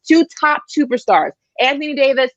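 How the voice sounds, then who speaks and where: A woman's voice: sits high, animated, moderate pace, fairly bright tone, no room sound, highs cut off. A woman arguing emphatically in a heated sports debate, repeating her points. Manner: emphatic, argumentative, repeats herself.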